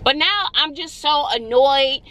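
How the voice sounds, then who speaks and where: A woman's voice: sits high, measured pace, sharp tone. A woman from Brooklyn venting in a rambling, exasperated way while driving, recorded on a phone inside her car. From Brooklyn, New York. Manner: exasperated, rambling, repeats herself. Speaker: vlogger, single mom.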